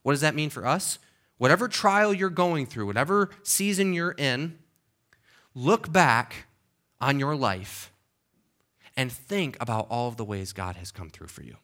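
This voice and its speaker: In an animated, mid-range voice that's pushed and bright, a pastor delivers a sermon in church at an unhurried pace. His style is conversational and emphatic, full of okays and restarts as he keeps checking in with the congregation.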